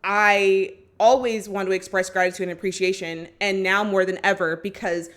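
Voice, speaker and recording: A woman's voice: mid-range voice, fairly even intonation, normal speed, fairly bright tone. A woman vlogger chatting casually through a movie recap, with lots of "like" and "just like". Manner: chatty, full of "like" and "just like", acts out quotes.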